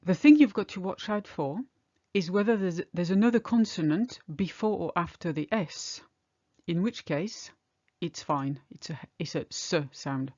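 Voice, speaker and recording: Woman teaching pronunciation, slow and deliberate. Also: fairly low pitch, dark tone, no echo, lo-fi sound. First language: French. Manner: clear, deliberate, slows down on example words. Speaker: French teacher. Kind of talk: pronunciation lesson.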